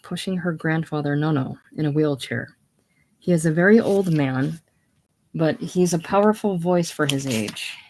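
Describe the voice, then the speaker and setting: A casual reader works through a play's stage directions in a middling voice, plainly and without fuss. The delivery is relaxed and unpolished. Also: medium pitch. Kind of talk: casual reading of a play.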